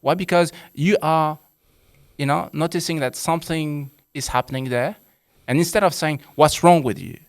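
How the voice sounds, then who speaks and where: Gravelly-voiced man explaining earnestly. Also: fairly high pitch, normal speed. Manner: earnest, explains with rhetorical questions. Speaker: psychologist guest. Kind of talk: casual conversation.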